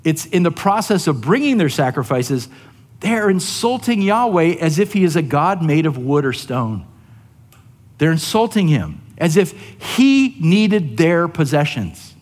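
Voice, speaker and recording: A man's voice: on the high side, sing-song, a little slow. Male preacher, chatty sermon delivery with frequent "right?", echoing hall. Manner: conversational, often asks "right?". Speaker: pastor.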